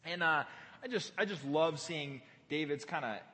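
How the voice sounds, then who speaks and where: A man's voice: fairly high pitch, moderate pace, bright, forceful tone, long reverb tail. A man preaching a sermon as a pastor, playful and conversational, with casual fillers.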